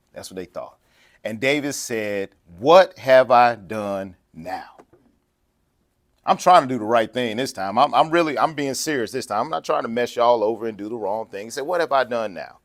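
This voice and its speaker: A man preaching a sermon in a lively, conversational way, acting out quotes and laughing along the way. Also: fairly low pitch.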